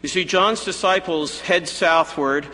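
A man preaching a sermon in a church, animated and expressive, sometimes acting out imagined quotes. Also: sits high, a little slow. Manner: animated preaching, voices hypothetical quotes of Jesus. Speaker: pastor. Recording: church hall reverb.

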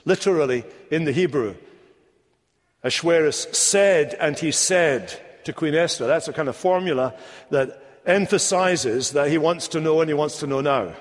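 A man preaching a sermon, emphatic and deliberate, with rhetorical questions. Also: fairly high pitch, lively intonation. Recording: long echo of a large hall.

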